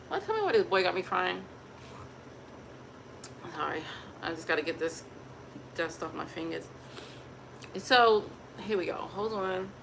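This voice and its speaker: A young woman talks straight to her viewers in a loose, chatty vlog, quick to laugh and animated. Her voice sits at a middle pitch, and a faint noise hangs behind her at home. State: pregnant. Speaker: vlogger. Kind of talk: casual chat to camera.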